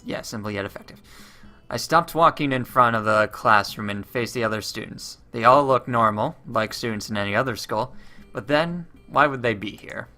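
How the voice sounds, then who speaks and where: A man's voice: medium pitch, moderate pace, bright, forceful tone, soft background music. A man reading a visual novel aloud with chatty asides, often stumbling and restarting on words. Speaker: let's player.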